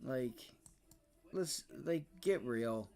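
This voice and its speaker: A young man hosting a live day-trading stream, ranting and swearing about the market, swinging between loud outbursts and low muttering. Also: lively intonation, drawn-out words. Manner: frustrated, profane, ranting about price action. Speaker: day trading livestream host.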